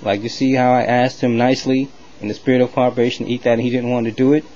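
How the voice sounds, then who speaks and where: A man voicing a male president who speaks calmly, with a measured, cold menace. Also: mid-range voice, highs cut off, lightly acted. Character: cool, commanding male president, coldly intimidating.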